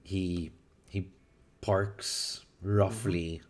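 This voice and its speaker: A man from Malta narrates a tabletop role-playing game as game master. His voice sits low, and he talks in halting bursts with fillers and restarts. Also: little pitch movement, slight background noise.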